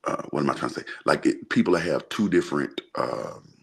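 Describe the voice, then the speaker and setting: A man's voice: extremely low pitch, animated, brisk, creaky, breathy edge. A man from Alabama, co-hosting a casual Bible chat and explaining things in a loose, thinking-aloud way, often checking in with "right?". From Birmingham, Alabama, US. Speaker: podcast co-host discussing the Bible.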